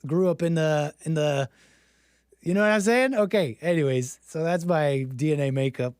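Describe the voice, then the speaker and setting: A man's voice: a little high, moderate pace, a little mellow, smooth, no echo, clean studio sound. A man hosting a livestream, joking and self-mocking as he talks to his chat. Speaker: streamer host. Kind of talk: casual livestream monologue.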